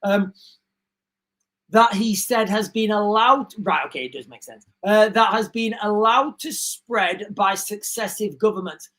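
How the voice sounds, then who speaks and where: A woman hosting a stream reads out breaking news, her voice medium in pitch, fairly bright, and unhurried. Stopping now and then to give viewers her take, she chats with them directly and uses "guys" often. She's on a streaming setup mic.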